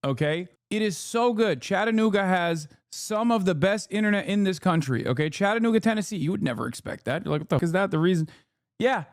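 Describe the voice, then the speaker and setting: A high-pitched man with lively intonation speaks fairly quickly in clean studio sound with no room sound. While streaming, he reacts to news clips in a casual, expletive-filled way, firing off heated rhetorical questions.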